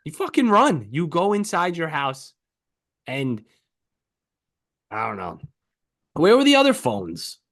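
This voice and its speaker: A man's voice: fairly high pitch, slow, vocal fry, long pauses. A young man co-hosting a podcast, arguing emphatically in casual, profane chat. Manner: emphatic, profane, animated storytelling. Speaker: podcast co-host.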